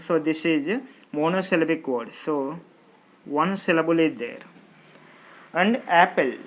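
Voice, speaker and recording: Unhurried teacher, drills exam vocabulary by saying each word again and again and counting syllables aloud. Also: medium pitch. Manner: repeats each word slowly, stretching syllables and counting them out. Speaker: English teacher. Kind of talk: exam-prep grammar lesson.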